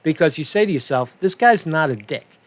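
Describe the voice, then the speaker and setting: A man's voice: fairly high pitch, lively intonation, a little fast, no echo. A man hosting a casual commentary show, swearing a lot, repeating himself and checking in with "right?". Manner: profane, repetitive, asks "right?" often.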